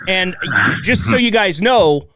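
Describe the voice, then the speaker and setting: A man's voice: high voice, lively intonation, slow pace, a bit bright, clear, resonant tone, dry recording, studio quality. A man hosting a casual podcast, joking and laughing as he passes questions to his guests. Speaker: podcast host.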